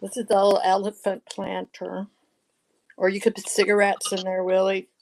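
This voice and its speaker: A woman's voice: medium pitch, completely flat delivery, moderate pace, creaky, a little mellow, slight background noise, poor audio. A woman hosting a live sale. She chats casually, laughs often and shows items one by one.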